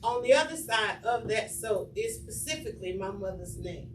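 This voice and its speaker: A woman on a panel sharing personal memories in an earnest, reflective way, her voice often dropping to a hush. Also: mid-range voice, animated, moderate pace. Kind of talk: personal storytelling. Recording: echoey room from far off, noisy.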